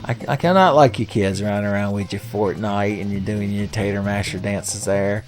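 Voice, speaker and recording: A man's voice: on the low side, normal speed, soft background music. A man hosting a casual let's-play video, rambling with sarcastic, profane jokes. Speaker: gaming video host.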